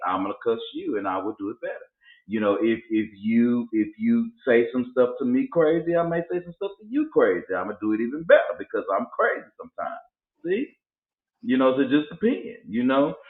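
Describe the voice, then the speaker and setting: Animated man, tinny echoey sound. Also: mid-range voice. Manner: animated, acts out voices in his stories. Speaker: podcast co-host. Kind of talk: casual storytelling chat.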